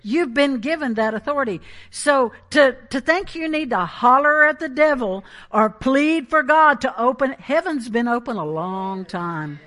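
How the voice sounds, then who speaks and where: High, bright-voiced woman preaching. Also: unhurried, few pauses. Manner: animated, emphatic preaching with asides and laughs. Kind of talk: sermon.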